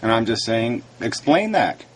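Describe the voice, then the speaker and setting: A man's voice: medium pitch, sing-song, a little slow. A man delivers a heated, argumentative monologue to his camera. He sounds frustrated and combative, pushing his voice up and cursing. A faint background noise sits under the recording. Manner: frustrated, raises his voice, swears. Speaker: video blogger replying to critics. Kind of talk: argumentative video rant.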